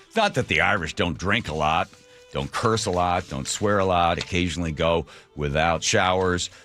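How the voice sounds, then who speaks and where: A man hosting a radio show, telling a wry family story and history in an animated monologue. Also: deep voice, normal speed, faint music behind. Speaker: radio host. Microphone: studio microphone.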